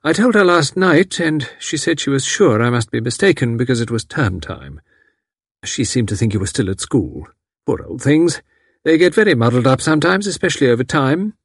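A man voicing a calm, competent middle-aged woman who talks cheerfully and comfortably. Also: medium pitch, moderate pace, slightly rough, dry recording, studio quality, pitched above the performer's own voice. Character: calm competent matron of about fifty.

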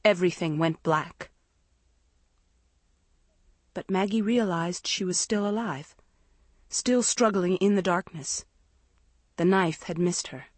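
A woman reading a suspense novel aloud in a measured, steady narration. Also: on the low side, slightly rough, dry recording. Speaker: audiobook narrator. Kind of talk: scripted narration.

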